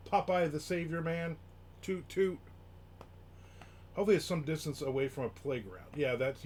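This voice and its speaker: A man's voice: a little high, slight background noise. A man hosting a casual live stream, chatting and reading viewer comments aloud as he rambles from topic to topic. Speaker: livestream host.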